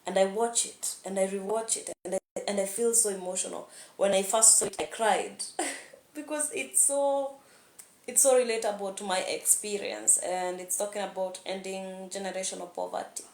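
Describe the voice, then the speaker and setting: A woman's voice: medium pitch, fairly even intonation, normal speed, a little mellow, a little hiss or hum. A young woman talking candidly in a rambling vlog monologue, laughing often. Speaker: vlogger. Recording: echoey room.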